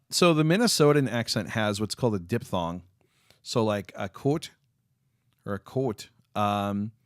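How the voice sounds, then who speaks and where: A man's voice: on the low side, no echo, clean studio sound. A man chatting casually with viewers on a live stream, rambling with lots of fillers and restarts. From United States.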